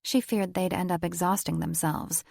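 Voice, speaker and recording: Here a woman narrates a romance audiobook from a script, using a gravelly, fry-edged voice sitting a little low. Her even, measured reading is recorded close and dry, without any echo.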